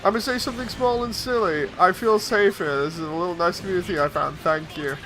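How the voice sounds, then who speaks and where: A man's voice: sits high, fast, music in the background. A man streaming, telling amused anecdotes in casual chat and chuckling often.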